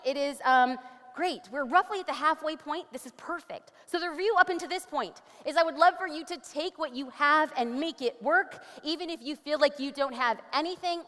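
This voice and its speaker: A woman giving an energetic conference presentation on stage, upbeat and animated, with quick jokey asides. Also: high voice. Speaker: conference speaker. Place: large conference hall. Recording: long hall reverb.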